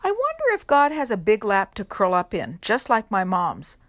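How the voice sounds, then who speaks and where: A woman reading a children's picture book aloud at a church service for kids, gentle and unhurried, pausing to put questions to the children. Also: mid-range voice, wildly swooping pitch. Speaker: reader at a children's worship service.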